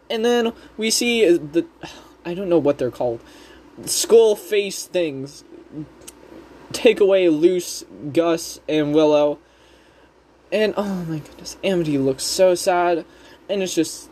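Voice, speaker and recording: Slow, rambling chatty recapper. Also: medium pitch, darkish tone. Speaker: show recap host. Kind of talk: casual episode recap.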